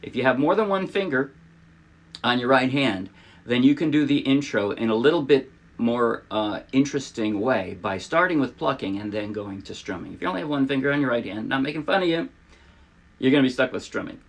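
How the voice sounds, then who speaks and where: A man's voice: mid-range voice, expressive, brisk, gravelly. A man giving a casual ukulele lesson, chatty and a little self-deprecating, demonstrating as he talks. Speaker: ukulele teacher. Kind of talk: casual tutorial talk. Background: ukulele playing.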